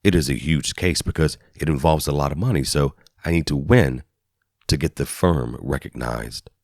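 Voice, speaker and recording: Very deep-voiced male audiobook narrator. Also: moderate pace, darkish tone, no room sound. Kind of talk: first-person audiobook narration. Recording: dry studio voice-over.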